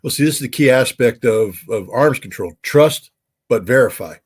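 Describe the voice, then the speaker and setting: A man's voice: medium pitch, expressive, normal speed, husky. An American man, a former weapons inspector, giving interview commentary, emphatic with many fillers and restarts.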